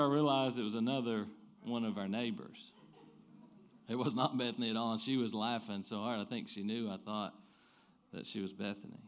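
Man, 30s, pastor preaching, mid-pitched voice, swings from loud bursts to quiet asides. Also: a little fast. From American South. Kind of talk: sermon.

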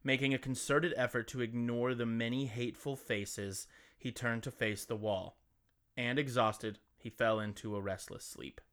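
A podcast co-host reads a scary story aloud and banters in a joking, crude, playful way. His voice is medium in pitch and fairly bright, with fairly even intonation and a moderate pace.

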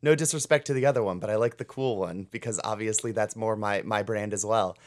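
A woman's voice: very deep voice, brisk. A woman from the United States co-hosting a podcast, chatting in a wry, opinionated way full of "like". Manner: animated, wry and opinionated, lots of "like". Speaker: podcast co-host. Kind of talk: casual chat.

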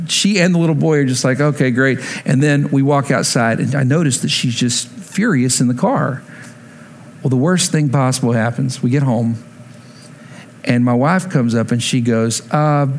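A male pastor in his forties delivers a sermon through a family story. His voice sits a little high. He acts out each quoted line with lively energy and drops his voice low and quiet when he turns to reflection.

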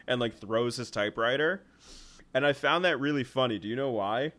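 A young man co-hosting a movie podcast in casual chat, rambling with many fillers and acting out scenes in quick voices. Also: mid-range voice, a bit bright. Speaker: podcast co-host.

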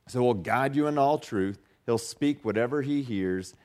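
A man delivers a sermon in an easygoing, conversational way, his voice sitting in a middle pitch. He stumbles and restarts often, then rises and presses harder on the verses he quotes. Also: moderate pace, few pauses, a little mellow. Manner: conversational, many restarts and fillers, rising emphasis on quotes. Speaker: pastor.

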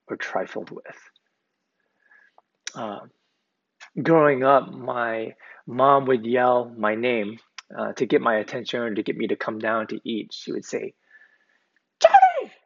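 A man preaching a sermon as pastor, deliberate and emphatic, repeating key words for weight. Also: medium pitch, steady tone, vocal fry, fairly bright tone. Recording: dull, lo-fi recording.

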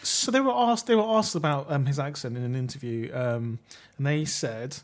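A man's voice: mid-range voice, normal speed, hardly any pauses. A man co-hosting a podcast, chatting casually and laughing easily. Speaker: podcast co-host. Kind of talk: casual chat.

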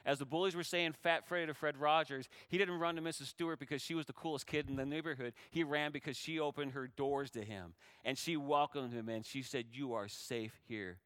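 Pastor guy preaching, bright crisp voice, goes soft then loud, kinda choked up, dry close mic. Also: on the high side, fairly even intonation, fairly quick, few pauses, no echo. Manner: swings from hushed tender lines to loud rising exhortation. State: emotional, near tears. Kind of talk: sermon.

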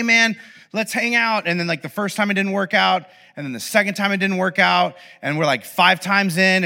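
Bright-voiced male pastor, lively storyteller with comic asides, voice on the higher side. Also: vocal fry. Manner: animated storytelling, playful acted asides. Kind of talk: sermon. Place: church podcast recording.

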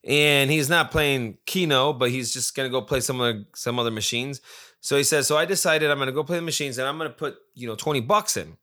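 A man's voice: medium pitch, fairly quick, bright, forceful tone. A man casually telling a rambling, profane story about a friend, with many restarts and quoted asides.

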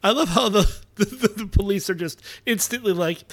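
A man co-hosting a podcast who talks about a film in casual, eager chat with halting restarts. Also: high-pitched. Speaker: podcast co-host.

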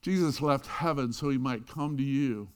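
A middle-aged man preaching a sermon, telling a story and swinging from loud emphasis to hushed quiet lines. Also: mid-range voice, normal speed, a little hiss or hum. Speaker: pastor.

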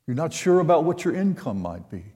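An older man preaching a sermon, retelling a scripture story in an unhurried way and voicing the quoted lines. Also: a little high, very animated, dark tone. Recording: long hall reverb.

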